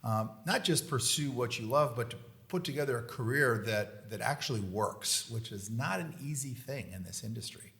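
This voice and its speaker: A man hosting a podcast, a relaxed, joking interviewer chatting casually. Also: mid-range voice, normal speed, creaky, few pauses. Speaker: podcast host.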